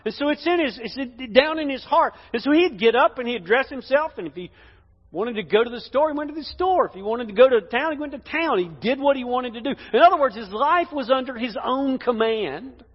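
A pastor preaching a sermon in a church, emphatic, swinging between loud declarations and hushed lines. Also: male voice, very high voice, expressive, a little fast, husky. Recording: dull echoey hall sound.

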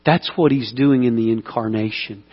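A man preaching a sermon as pastor, telling stories with lively emphasis and dropping to a hushed voice. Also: medium pitch, moderate pace, breathy edge, dull audio. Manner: animated storytelling, swings between loud emphasis and hushed intimacy. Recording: long hall reverb.

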